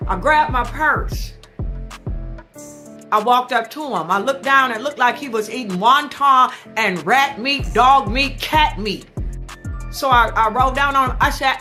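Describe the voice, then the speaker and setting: A woman telling a comic story in a brash, boastful, animated way. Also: on the high side, moderate pace, faint music behind. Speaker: comedic storyteller.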